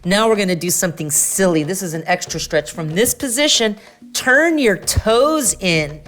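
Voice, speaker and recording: A woman's voice: mid-range voice, lively intonation, normal speed, fairly bright tone. A middle-aged woman leading a children's stretching lesson. She talks in an encouraging, playful way and praises often. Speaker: children's music and movement teacher. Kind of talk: guided stretching instruction for kids.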